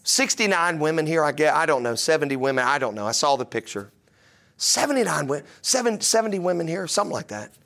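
A man's voice: on the high side, animated, fast talker, creaky, a bit bright. A man preaching a sermon in a conversational, joking way, often putting questions to his listeners. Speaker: pastor.

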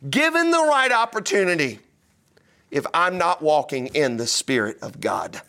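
A man's voice: on the high side, sing-song, normal speed, vocal fry, bright, forceful tone. A man preaching a sermon in a conversational, joking way, often putting questions to his listeners. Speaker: pastor.

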